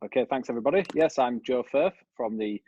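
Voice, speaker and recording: A man's voice: mid-range voice, lively intonation, quick pace, dark tone, no echo, muffled recording. A man with a Yorkshire accent giving a conversational academic presentation over a video call. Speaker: researcher giving a talk.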